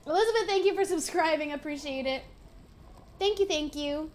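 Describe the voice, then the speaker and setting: American girl streamer, high voice, chatty n giggly, faint hiss behind. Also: moderate pace. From United States. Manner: chatty and playful, laughs often. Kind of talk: casual gaming stream chat.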